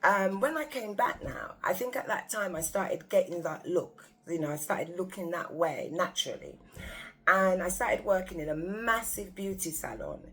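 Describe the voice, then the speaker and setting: Low-voiced, animated woman. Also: normal speed. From England. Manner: animated, exclamatory, talks straight to viewers. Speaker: vlogger. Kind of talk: casual storytelling to camera.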